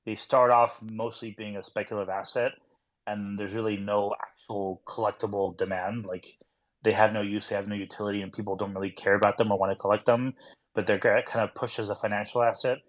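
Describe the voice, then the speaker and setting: A man's voice: lowish voice, flat delivery, fairly quick. Rambling man talking casually. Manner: rambling, heavy use of "like". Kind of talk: casual podcast discussion.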